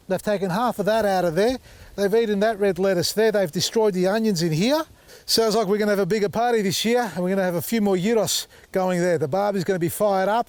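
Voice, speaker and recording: Out in his vegetable garden, a gardening channel host vlogs casually, his high-pitched voice brisk and the recording dry. He's chatty but exasperated, addressing his viewers as folks.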